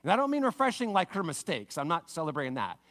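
A man preaching a sermon to parents, telling a story with lively acted-out voices and dropping to a soft, low tone for emphasis. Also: fast. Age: adult parent. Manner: animated storytelling, acting out characters with big pitch swings. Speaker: pastor.

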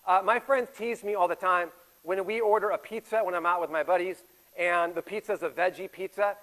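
A man in his forties preaching a sermon as a pastor, swinging between loud emphatic stretches and hushed, intimate ones. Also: high voice, a little fast, low-quality recording. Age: 40s. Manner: animated, shifts from loud emphatic to quiet intimate.

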